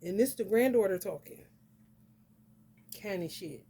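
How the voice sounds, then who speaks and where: A woman's voice: mid-range voice, lively intonation, a little slow, long pauses, dark tone, slightly rough. A woman giving a casual astrology vlog reading, blunt and profane, peppering her talk with "honey". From northern United States. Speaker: astrology reader. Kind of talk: casual spiritual vlog rant.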